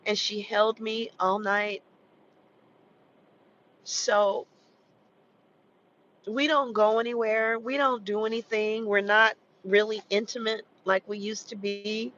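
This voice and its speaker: A vlogger in an emotional personal chat, talking in a rambling, halting way, full of "you know" and restarts. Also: medium pitch, steady tone, a bit bright, a little hiss or hum. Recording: muffled lo-fi recording.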